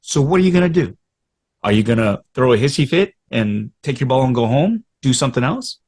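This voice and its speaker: Animated man telling career stories. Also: medium pitch, fairly quick. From Canada. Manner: animated, acts out quotes and inner thoughts. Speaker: podcast guest, actor. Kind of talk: candid conversational storytelling.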